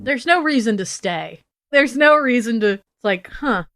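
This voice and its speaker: A woman's voice: fairly high pitch, lively intonation, normal speed, a bit bright, soft background music. A woman co-hosting a podcast, reacting playfully and joking in casual chat. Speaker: podcast co-host.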